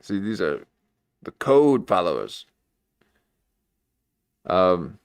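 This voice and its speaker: A man hosting a casual livestream, making dry, deadpan asides. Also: deep voice, drawn-out words, smooth, no room sound. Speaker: podcast host.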